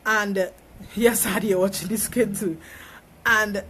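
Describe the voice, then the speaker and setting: A woman's voice: medium pitch, steady tone, a little slow, fairly bright tone, slight background noise. A woman talking on a phone live stream, giving an emphatic, preachy motivational monologue and repeating phrases for effect. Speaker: small business owner.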